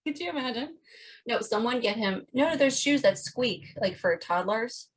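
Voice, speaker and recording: Animated, profane woman podcast co-host. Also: a little high, normal speed, breathy edge, poor audio. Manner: animated, profane storytelling with laughs. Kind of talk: casual chat.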